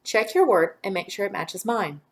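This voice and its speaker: A woman teaching a children's phonics lesson, giving clear directions and encouraging praise. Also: medium pitch, lively intonation. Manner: slow, clear, drawn-out words.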